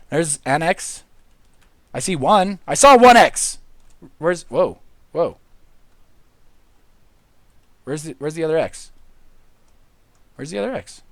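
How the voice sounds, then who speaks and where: A man livestreaming a video game, hyper and goofy, jumping from loud squealing outbursts to mumbled asides. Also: a little high, sing-song, takes it slowly, long pauses, no echo. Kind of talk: excitable gaming livestream chatter.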